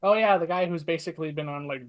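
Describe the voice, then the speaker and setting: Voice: medium pitch, quick pace, highs cut off. Chatty player at a tabletop game, lots of likes and yeahs. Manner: casual, chatty, many fillers. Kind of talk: casual tabletop game chat.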